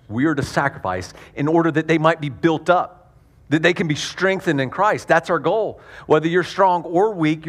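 A man's voice: on the high side, husky. A man preaching a sermon in a conversational way, often repeating his words as he goes. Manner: conversational, repeats words, acts out quick quoted voices. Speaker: pastor.

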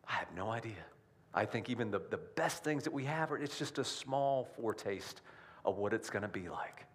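A man's voice: medium pitch, a bit bright. Conversational male pastor preaching. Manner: conversational preaching with rhetorical questions. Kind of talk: sermon.

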